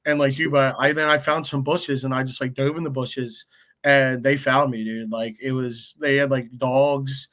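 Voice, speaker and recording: A man's voice: medium pitch, fairly even intonation, normal speed, fairly bright tone. A young man telling a rambling, profane story in casual chat, full of "like" and "dude". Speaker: guest.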